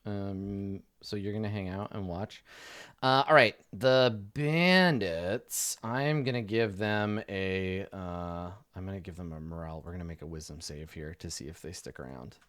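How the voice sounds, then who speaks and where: A man's voice: deep voice, unhurried, fairly bright tone, dry recording, studio quality. Easygoing man running a tabletop game. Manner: loose and conversational, becoming vivid when describing scenes. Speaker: dungeon master. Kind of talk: casual tabletop game narration.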